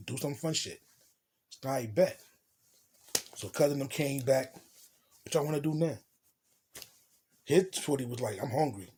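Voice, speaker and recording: A man's voice: fairly high pitch, a little mellow, a little hiss or hum. A young man telling a loose, profane story in casual street slang, as a vlogger.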